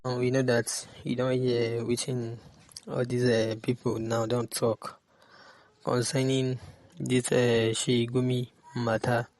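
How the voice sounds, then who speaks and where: A man's voice: mid-range voice, monotone, slow, darkish tone, no room sound. A man with a Nigerian Pidgin English accent giving casual commentary, hesitant with many fillers.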